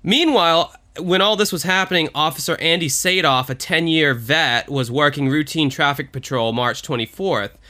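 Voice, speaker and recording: A man hosting a podcast, telling stories in an animated way and swearing often. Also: on the high side, normal speed, hardly any pauses. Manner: animated storytelling, frequent swearing. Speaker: podcast host. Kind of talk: casual podcast chat.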